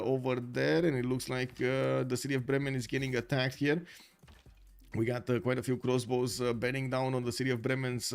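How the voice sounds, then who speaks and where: A man's voice: mid-range voice, gravelly. A man giving live stream commentary on a strategy game, chatty and thinking aloud with many fillers. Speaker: game caster.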